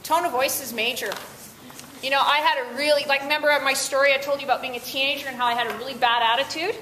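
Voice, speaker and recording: A woman leads teenagers through a lively workshop, tossing questions to the room. Her voice is bright and a little high. The classroom sound is echoey with a faint hiss behind her. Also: fast. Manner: upbeat, asks the class questions. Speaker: workshop presenter. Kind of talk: interactive talk to teens.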